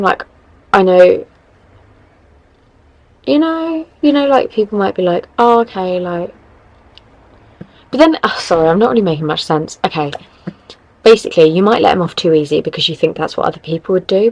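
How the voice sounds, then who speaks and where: A young woman talks through listener problems in a loose, rambling podcast chat, often stopping to correct herself. Her voice sits fairly low with a gravelly, fried edge. The recording is close and dry. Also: a little mellow, no room sound, rough recording. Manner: rambling, self-correcting, chatty. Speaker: podcast host. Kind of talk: casual advice chat.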